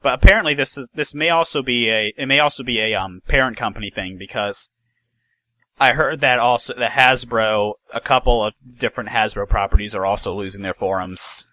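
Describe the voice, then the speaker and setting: A man's voice: medium pitch, a little fast, bright, forceful tone, dry recording, poor audio. A man hosting a podcast, chatting casually about game news and often restarting his sentences. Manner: rambling, many restarts and fillers. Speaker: podcast host. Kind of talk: casual gaming news chat.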